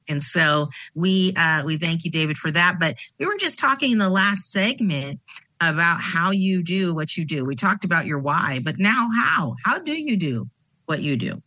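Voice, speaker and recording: A woman's voice: low voice, sharp tone, dry recording. A woman hosting a talk radio show, who welcomes listeners, thanks her guest and asks him questions with many small fillers. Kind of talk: radio interview.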